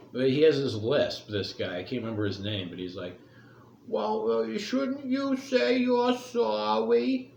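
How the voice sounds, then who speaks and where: Middle-aged male vlogger, blunt and profane, rambles through his opinions; echoey room with faint noise behind. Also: lowish voice. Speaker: commentary vlogger. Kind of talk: casual opinion rant.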